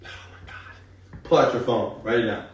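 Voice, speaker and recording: A man teaching a live seminar, talking straight to the audience in an animated, hype-driven way. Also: medium pitch, normal speed, roomy sound, distant mic, lo-fi sound. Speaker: speaker teaching an online marketing seminar.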